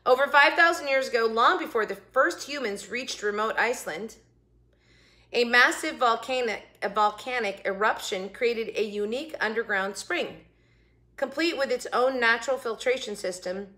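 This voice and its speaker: Bright chatty woman vlogger. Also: mid-range voice. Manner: chatty and jokey, quick asides, trails into whispers. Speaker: vlogger hosting a food review. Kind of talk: casual chat to camera.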